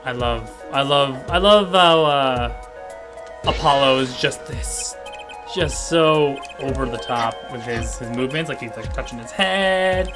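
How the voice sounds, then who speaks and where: A man's voice: mid-range voice, music in the background. A man streaming a game, chatting casually and explaining the story, laughing often. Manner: chatty, laughs often, puts on quick silly voices. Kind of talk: casual let's-play chat.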